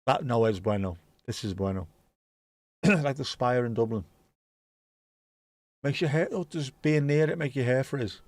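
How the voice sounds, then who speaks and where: A man's voice: mid-range voice, measured pace, long pauses, a little mellow, no room sound. A man hosting a live match watchalong, chatting casually and rambling between dad jokes. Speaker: watchalong host.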